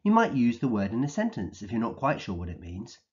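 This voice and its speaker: An early years teacher records a vocabulary lesson for young children, speaking slowly, clearly and encouragingly while acting out each word he defines. His mid-range voice swoops wildly in pitch and has a darkish tone, and the audio is dull.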